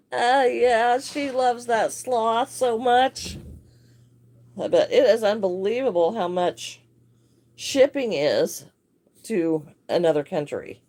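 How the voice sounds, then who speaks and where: A woman's voice: on the high side, expressive, slow pace, pauses often, a little mellow. A woman hosting a casual crochet livestream, chatting and greeting viewers by name with frequent laughs.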